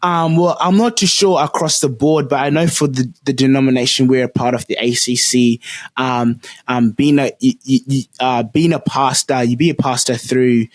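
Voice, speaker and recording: A man's voice: mid-range voice, steady tone, normal speed, no echo, studio quality. A young man, a podcast guest telling stories in a loose, rambling way, full of restarts and casual slang. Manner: rambling, many fillers and restarts, says "bro" and "like". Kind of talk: casual storytelling interview.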